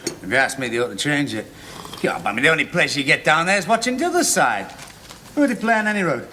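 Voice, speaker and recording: A man's voice: on the high side, big pitch swings, bright, forceful tone, slight background noise. An actor playing a cheeky young man with a Liverpool accent who mocks and argues back in a studio sitcom. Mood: arguing. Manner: mocking, quick to argue back. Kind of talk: 1960s-70s studio sitcom acting.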